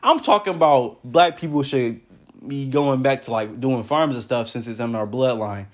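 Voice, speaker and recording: A man's voice: mid-range voice, normal speed. A young man hosting a casual solo podcast, rambling in loose slang and laughing often. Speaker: podcast host.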